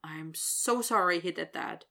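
A man's voice: fairly high pitch, measured pace, gravelly, bright, forceful tone, full character voice. A woman voicing a tired, dry-humored young college man. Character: weary, fond young college guy.

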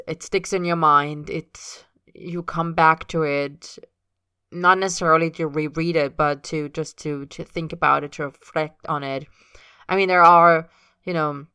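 A woman's voice: sits low, pushed and bright, clean tone, no room sound, clean studio sound. A woman reading fan fiction aloud as an audiobook, giving a casual, reflective afterword about her recording. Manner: reflective, musing. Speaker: podfic reader.

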